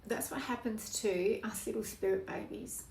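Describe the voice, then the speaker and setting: A woman giving a spoken tarot reading in an earnest, emotional way, with slow emphatic phrasing. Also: on the high side, steady tone, vocal fry, darkish tone. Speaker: tarot reader. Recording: echoey room, voice from off-mic, background noise.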